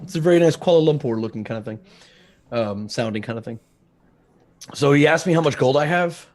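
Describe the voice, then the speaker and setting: Dude playing a tabletop rpg, normal voice, jokey n casual. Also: male voice, medium pitch, animated, fairly quick, background noise. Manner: joking, playful. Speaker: player. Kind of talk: casual game table chat.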